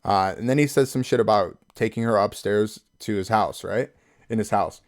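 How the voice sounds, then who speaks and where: A man's voice: fairly low pitch, moderate pace. A young man hosting his own video, casually talking through text messages with frequent laughs and fillers. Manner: laughs often, loose and chatty with fillers. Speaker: YouTube host. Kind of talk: casual commentary reading texts.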